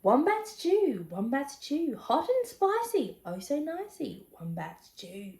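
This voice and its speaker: A woman's voice: high-pitched, wildly swooping pitch, slow, roomy sound, voice pushed up, exaggerated voice. A woman voicing a cunning male dingo cook, sing-song and gleeful.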